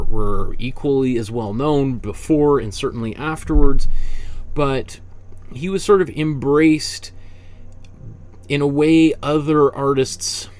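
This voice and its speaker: Chatty, rambling male art teacher. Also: medium pitch. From Canada. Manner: rambling, self-correcting, chatty with frequent fillers. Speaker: art instructor. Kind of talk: casual teaching talk.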